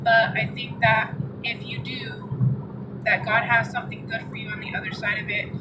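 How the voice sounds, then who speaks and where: A woman's voice: a little high, level tone, normal speed. A young woman vlogger giving an earnest, encouraging faith talk from inside a car, often repeating her phrases. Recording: distant muffled mic with loud car noise.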